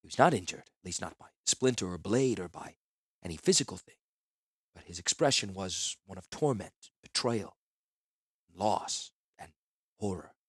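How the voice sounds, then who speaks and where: Husky-voiced man reading a fantasy tale. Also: deep voice, lively intonation, normal speed, dry recording, clean studio sound. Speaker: audiobook narrator. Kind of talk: first-person fantasy novel reading.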